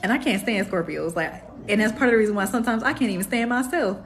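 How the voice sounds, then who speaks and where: A young woman, hosting a casual astrology live stream in a sassy, animated way. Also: mid-range voice, fast talker. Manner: sassy, animated, calls viewers "baby".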